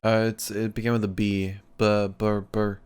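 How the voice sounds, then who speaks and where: Smooth-voiced man with dry interjections. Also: on the low side, level tone, normal speed, darkish tone. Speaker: podcast co-host. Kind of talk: casual podcast banter.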